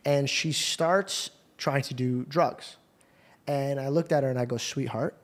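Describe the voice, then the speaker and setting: A man's voice: medium pitch, fairly even intonation, measured pace. A man hosting an interview, telling a personal story casually and earnestly with a lot of slang and swearing. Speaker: podcast host.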